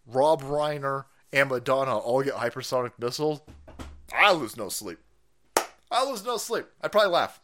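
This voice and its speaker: A man hosting a live stream, ranting in a profane, mocking way and laughing often. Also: medium pitch.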